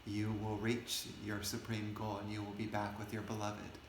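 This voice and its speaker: A man voicing a wise sage who speaks calmly and quietly. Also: on the low side, normal speed, echoey room, a little hiss or hum, lightly acted, rough recording. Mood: serene. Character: calm wise male sage.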